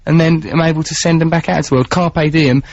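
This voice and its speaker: A man's voice: a little high, steady tone, racing, a little mellow. A man with an Essex accent hosting a radio show, chatting in a florid, wordy, teasing way. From England, Essex. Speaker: radio host. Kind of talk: playful radio chat. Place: radio studio. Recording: dull, dry radio studio sound.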